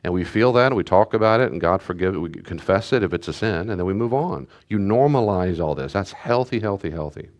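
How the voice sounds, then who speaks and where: A middle-aged pastor with a deep, expressive voice teaches parents at a church group, speaking briskly with hardly any pauses. His style is conversational, and he repeats key phrases and acts out the voices of both parent and child.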